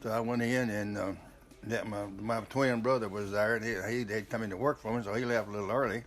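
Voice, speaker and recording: A man's voice: lowish voice, fairly even intonation, brisk, a bit bright. An older man, telling a family story in a rambling, casual way with frequent restarts.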